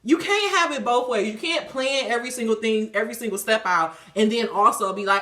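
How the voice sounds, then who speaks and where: A woman giving a casual spiritual reading, animated and profane, laughing often. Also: a little high, brisk, hardly any pauses. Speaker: tarot reader. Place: a room at home. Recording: echoey room.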